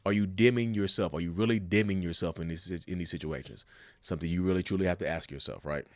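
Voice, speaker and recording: A man's voice: sits low, quick pace, dry recording, studio quality. A man giving casual, emphatic commentary on relationships, asking the viewers rhetorical questions and calling them y'all. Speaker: commentator sharing a narcissist's view.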